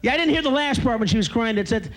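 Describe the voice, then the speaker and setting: A man's voice: very high voice, expressive, rapid-fire, crowd noise, noisy background. A man performing an explosive stand-up comedy routine, bursting into screams.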